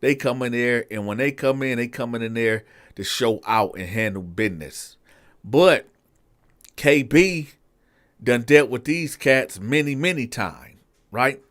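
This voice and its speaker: A man's voice: mid-range voice, lively intonation, a little slow, fairly bright tone. A man and show host telling a prison story in a casual, slangy way, speaking straight to his listeners.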